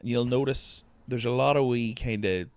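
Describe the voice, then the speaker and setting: A man's voice: mid-range voice, normal speed, darkish tone, clear, resonant tone, dry recording. A young man hosting a podcast in casual chat, rambling and swearing freely. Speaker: podcast host.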